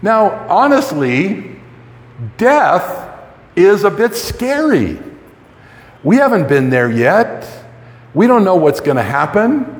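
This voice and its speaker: Guy preaching a sermon, high voice swinging up and down, slow and emphatic, echoey hall. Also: sing-song. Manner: emphatic, repeats words when starting sentences. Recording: long reverb of a hall.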